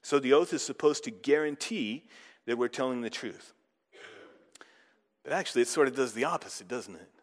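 A man's voice: medium pitch, animated, normal speed, pauses often, big-room sound. A man preaching a sermon in a conversational way, often putting questions to the audience.

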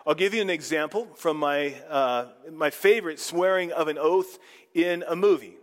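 A man's voice: a little high, normal speed, in a large hall. A man preaching a sermon in a conversational way, often putting questions to the audience.

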